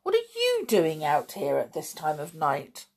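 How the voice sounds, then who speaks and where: A woman voicing a rough, impatient adult male farmhand who demands answers. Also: sits low, huge pitch swings, measured pace, darkish tone, exaggerated voice. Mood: angry.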